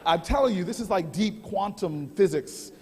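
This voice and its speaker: A man giving a keynote at a banquet, telling a humorous story with animated delivery and frequent restarts. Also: sits high, moderate pace, a little hiss or hum. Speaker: keynote speaker. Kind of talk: storytelling speech. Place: large banquet hall. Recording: echoey hall, heavy reverb.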